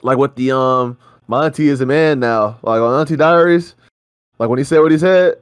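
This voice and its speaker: A man's voice: medium pitch, moderate pace, clean tone, no echo. A man co-hosting a reaction show, ranting in heated, profane casual chat.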